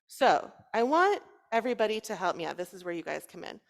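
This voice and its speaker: A woman rabbi telling a story to children during a service, lively and playful as she coaxes them to join in. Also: mid-range voice, fast talker, creaky. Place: synagogue sanctuary. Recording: long reverb in a large hall.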